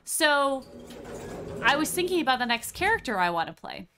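A woman hosting a gameplay stream, chatting in an excitable, animated way. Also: sits high, background noise. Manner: excitable, animated, quick reactions. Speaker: streamer host. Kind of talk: casual gameplay chat.

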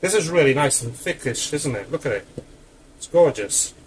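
A man's voice: a little high, expressive, normal speed, a little hiss or hum, poor audio. A man cooking in his home kitchen, talking casually through the steps with chatty asides, a little out of breath. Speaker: home cook.

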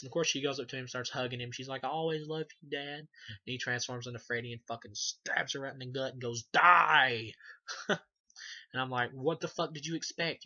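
Flat-voiced swearing male movie reviewer. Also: medium pitch, lo-fi sound. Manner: rambling, profane, many fillers. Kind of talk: casual spoken film review.

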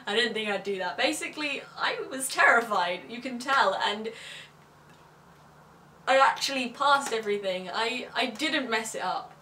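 A bright, slightly high-voiced teenage girl talks in a chatty, emotional vlog ramble, restarting her sentences. She sits a little back from the mic, so her voice carries the echo of the room around her. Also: moderate pace, distant mic, a little hiss or hum. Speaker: vlogger. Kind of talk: casual vlog chat.

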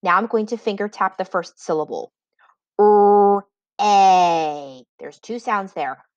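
A woman reading teacher giving a recorded spelling lesson for children, dictating words slowly and clearly with example sentences. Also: medium pitch, animated, pushed and bright, no echo, highs cut off.

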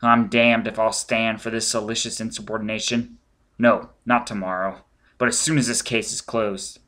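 A man's voice: fairly low pitch, flat delivery, normal speed, pushed and bright. Stern male intelligence chief, clipped, firm, audiobook reading, done by a man.

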